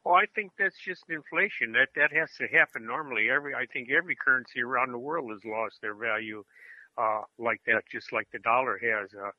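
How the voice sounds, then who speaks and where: Guy calling in to a podcast, calm and matter-of-fact, muffled lo-fi line. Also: mid-range voice, a little fast. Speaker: podcast co-host. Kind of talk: casual podcast chat.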